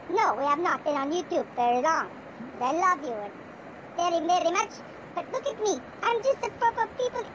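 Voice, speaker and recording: A performer voicing a lovesick little creature who wishes to become human, in a high whiny put-on voice. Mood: pleading. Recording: noisy home video recording.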